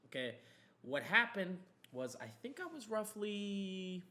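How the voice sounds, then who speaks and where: A man's voice: sits high, very animated, slow, sharp tone. A young man hosting a podcast, telling a story in a heated, emphatic way and swearing often. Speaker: podcast host. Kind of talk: casual storytelling chat.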